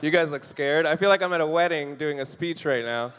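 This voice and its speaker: A man's voice: fairly high pitch, brisk, fairly bright tone, slight background noise. A young man from Canada doing a stand-up comedy set on a club stage, joking with the crowd and acting out quoted voices. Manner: jokey, talks to the crowd, acts out quoted voices. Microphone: handheld stage mic. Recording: live room with long reverb.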